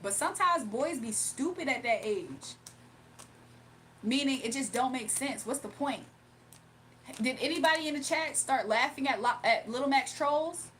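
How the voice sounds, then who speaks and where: A woman's voice: sits high, expressive, moderate pace, a bit bright, slight background noise. A woman hosting a livestream in a casual, blunt, scolding manner. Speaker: livestream host.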